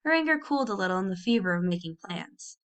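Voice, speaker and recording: A woman's voice: medium pitch, quick pace, clear, resonant tone. Woman reading a children's novel aloud. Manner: expressive, animated reading with small slips. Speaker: audiobook reader.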